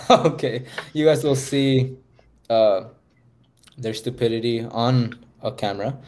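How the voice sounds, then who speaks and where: Young male podcast host, mid-pitched, a rambling storyteller who keeps breaking into laughs, speaking on a call mic. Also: steady tone, takes it slowly, darkish tone. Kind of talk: casual chat. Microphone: voice call microphone.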